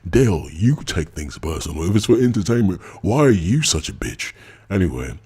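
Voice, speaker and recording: Streamer, male, very low voice, scornful commentary mocking messages he reads. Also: very animated, normal speed, a little mellow, breathy edge. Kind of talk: ranting commentary reading messages aloud.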